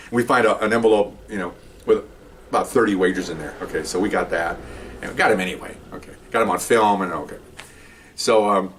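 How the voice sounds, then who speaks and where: An older man, a retired police officer, telling a story casually and jumping up in pitch as he acts out the dialogue. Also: a little hiss or hum. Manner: animated, jumps up in pitch when acting out dialogue. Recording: voice picked up from a distance.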